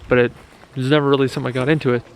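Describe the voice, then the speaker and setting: A man's voice: mid-range voice, racing. A young man from Michigan, a real estate agent, chatting casually in his vlog outdoors. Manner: relaxed, chatty, motivational asides. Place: outdoors in the countryside. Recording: noisy outdoor ambience.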